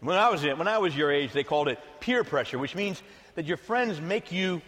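Animated preacher with lively pitch. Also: male voice, brisk, in a large hall. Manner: animated, conversational preaching with playful asides. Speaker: pastor. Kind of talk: sermon.

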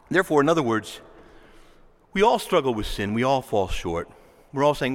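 A man preaching a sermon with impassioned delivery, moving between raised pleading and hushed earnestness. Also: medium pitch, big pitch swings, normal speed, long reverb tail.

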